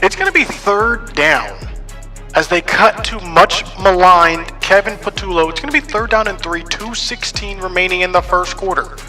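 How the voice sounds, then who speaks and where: A man's voice: high voice, normal speed, pushed and bright, faint music behind. A man streaming live play-by-play commentary, mixing broadcaster-style calls with casual asides to his chat.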